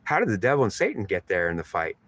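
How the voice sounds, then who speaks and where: A man's voice: fairly low pitch, huge pitch swings, quick pace, fairly bright tone, dry recording. Man in a dry, rambling spiritual monologue. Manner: repetitive, emphatic, stream of consciousness. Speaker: channeler giving spiritual messages.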